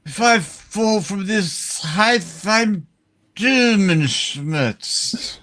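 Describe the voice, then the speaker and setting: A man's voice: high voice, lively intonation, pushed and bright, heavily acted. Man hamming up a strained armored superhero. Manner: slow, drawn-out dramatic reading.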